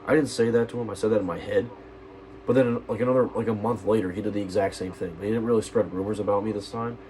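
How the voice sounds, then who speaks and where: A teenage guy whose voice sits low for his age, venting on a stream. He rambles, restarts his sentences and swears heavily as his anger builds. A faint hiss runs under the voice. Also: steady tone, quick pace, a little mellow, low-quality recording. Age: teens. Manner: agitated and profane, rambling with restarts. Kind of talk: angry personal rant.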